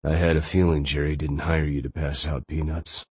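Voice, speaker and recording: A man's voice: low voice, moderate pace, a little mellow, husky, no echo. A man voicing a wounded older man who speaks weakly but with dry humor. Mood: weak, wry. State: weak from blood loss.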